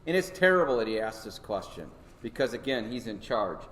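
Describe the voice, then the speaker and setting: A man's voice: fairly low pitch, big pitch swings, fairly quick, a bit bright. A man teaching a Sunday school Bible lesson in a church, talking conversationally and checking in with his listeners with frequent "okay?" and "right?". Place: church hall. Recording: echoey hall.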